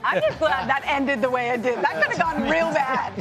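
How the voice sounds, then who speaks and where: A woman hosting a studio sports show, reading scripted segments in a crisp, measured way. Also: high-pitched, over loud music, over a noisy crowd. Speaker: studio host. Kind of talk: scripted sports broadcast narration.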